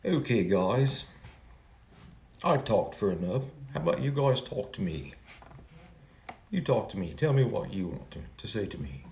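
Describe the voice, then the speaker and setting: A self-important true-crime livestreamer, played by a man, rambles about his own research in a low voice full of lively swoops. He jumps between loud griping and hushed asides in a parody livestream. The recording sounds echoey, with a faint hiss underneath. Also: a little slow, gravelly, long pauses, heavily acted. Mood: boastful.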